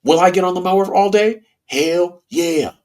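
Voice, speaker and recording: A man hosting a podcast in a casual monologue, with a stuffy nose, talking in a folksy way with bursts of excitement. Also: sits high, fast. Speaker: podcast host.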